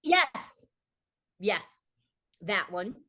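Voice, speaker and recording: A woman's voice: mid-range voice, big pitch swings, drawn-out words, sharp tone. A woman actress, a guest on a podcast, chatting casually and expressively and laughing often. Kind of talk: casual chat.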